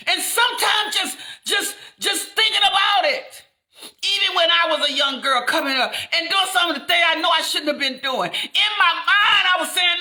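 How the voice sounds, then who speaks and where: A woman preaching fervently, repeating lines and building up to shouts. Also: very high voice, normal speed, reverberant. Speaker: inspirational speaker. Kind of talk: impassioned preaching.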